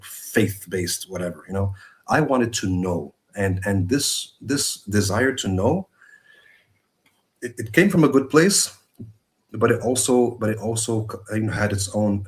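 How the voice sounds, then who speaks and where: A man telling his personal story as a guest over a video call, earnest and halting, with many restarts. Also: low-pitched. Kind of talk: personal testimony.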